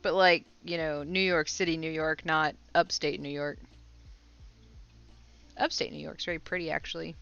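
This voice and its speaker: A woman's voice: sits low, steady tone, normal speed, gravelly, long pauses, a bit bright, clean tone, dull audio, faint music behind. A woman hosting a casual crochet livestream, chatting with viewers and laughing often. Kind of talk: casual live chat with viewers.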